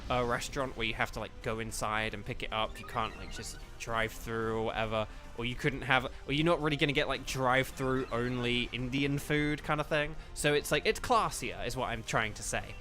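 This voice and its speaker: A man's voice: mid-range voice, steady tone, fairly quick, hardly any pauses, sharp tone, soft background music. A man streaming a game, chatting casually with viewers in a rambling, thinking-aloud way. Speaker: streamer and voice actor. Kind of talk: casual live-stream chat while gaming.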